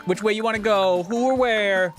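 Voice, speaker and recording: A man streaming a video game live, joking excitably and talking straight to his chat viewers. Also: sits high, moderate pace, faint music behind. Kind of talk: casual live-stream commentary.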